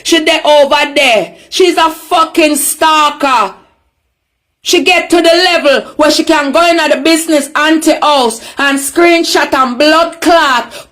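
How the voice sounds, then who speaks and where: A high-pitched Jamaican woman tearing into someone in a furious social media rant. She curses nonstop and keeps breaking into shouted insults.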